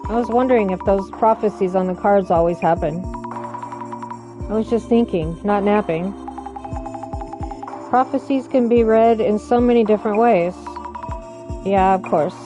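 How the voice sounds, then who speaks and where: A woman reads out a mystery game's dialogue, shifting her voice for each character. Her reading is dramatic. Game music plays clearly behind her. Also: mid-range voice, moderate pace, long pauses. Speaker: let's play narrator reading all characters.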